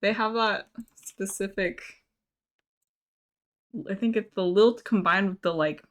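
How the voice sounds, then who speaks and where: A woman's voice: medium pitch, a little slow, fairly bright tone. Giggly, teasing woman co-host. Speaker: co-host of a live stream. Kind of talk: casual chat.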